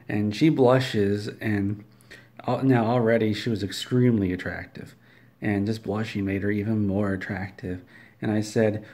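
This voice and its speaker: A man telling an absurd comic story in a rambling, matter-of-fact, deadpan way. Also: fairly low pitch, moderate pace.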